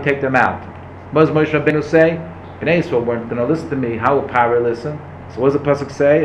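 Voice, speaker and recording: A man's voice: mid-range voice, a little hiss or hum. A man teaching a Torah class, asking and answering his own questions and quoting verses in a chanting tone. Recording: roomy echo, faint ambience.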